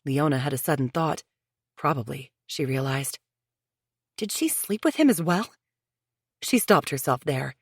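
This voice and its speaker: Audiobook narrator, woman, lower voice, dry studio read. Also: animated, a little slow, pauses often, husky, no room sound. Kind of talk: scripted narration.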